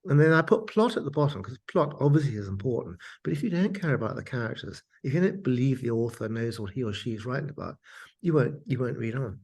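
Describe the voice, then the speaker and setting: A man, an author, telling animated stories in an interview. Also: mid-range voice, slightly rough. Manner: animated storyteller. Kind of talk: interview, anecdotal storytelling.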